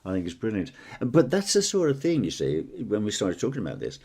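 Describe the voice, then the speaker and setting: Chatty man, lively low voice. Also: brisk, slightly rough. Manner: rambling, chatty, fond of accents. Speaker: podcast co-host. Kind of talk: casual chat.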